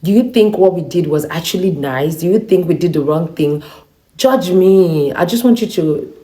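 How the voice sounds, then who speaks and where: Young woman, low voice, warm tone, animated storyteller, vlog. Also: normal speed. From Nigeria. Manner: animated, acts out both sides of the quarrel. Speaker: vlogger. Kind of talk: storytelling to camera.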